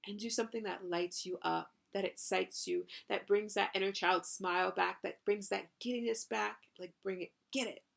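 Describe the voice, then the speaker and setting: A woman's voice: medium pitch, steady tone, normal speed, vocal fry, few pauses, fairly bright tone. A woman hosting a channeled spiritual podcast, talking effusively with casual swearing and lots of "you know" and "right?". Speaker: podcast host and spiritual coach.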